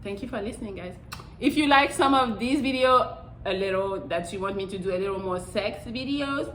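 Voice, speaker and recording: A woman's voice: medium pitch, fairly quick, fairly bright tone, a little hiss or hum. Blunt, profane woman vlogger. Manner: blunt, profane, repeats "I'm telling you". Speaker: channel host. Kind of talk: casual how-to vlog. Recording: roomy echo.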